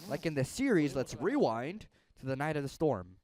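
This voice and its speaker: A man preaching a sermon in an animated, playful way, slipping into comic impressions. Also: medium pitch, normal speed.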